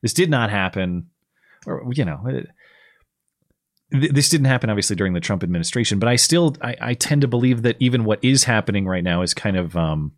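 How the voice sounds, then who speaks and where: A man hosting a live call-in show, talking casually with some halting restarts. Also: lowish voice, animated, no room sound, clean studio sound.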